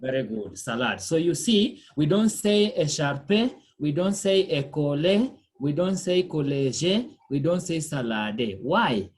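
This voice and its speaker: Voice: mid-range voice, expressive, moderate pace, hardly any pauses, a little mellow. A language teacher giving a pronunciation lesson, quizzing the class, repeating words patiently and checking in with "okay?" and "eh?".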